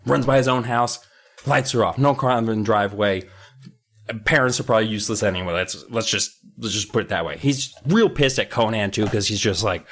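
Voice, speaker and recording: A man's voice: fairly low pitch, fairly quick, fairly bright tone. A man co-hosting a podcast, retelling a book's plot in loose, profane, rambling commentary. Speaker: podcast co-host. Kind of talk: casual book recap chat.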